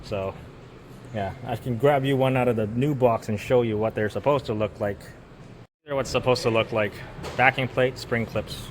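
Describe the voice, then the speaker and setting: A man's voice: mid-range voice, normal speed, a little hiss or hum. A man working as a mechanic, giving casual how-to narration while he works, rambling and often repeating words and restarting. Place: auto repair shop.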